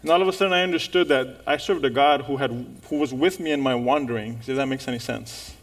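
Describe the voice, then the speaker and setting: A man preaching a sermon in church, telling a story in an animated way and calling out to the congregation. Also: mid-range voice, quick pace.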